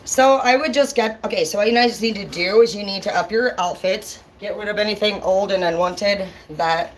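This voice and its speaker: A woman's voice: medium pitch, normal speed, slight background noise, low-quality recording. A woman vlogging in a casual livestream rant, blunt and profane, talking straight to her viewers.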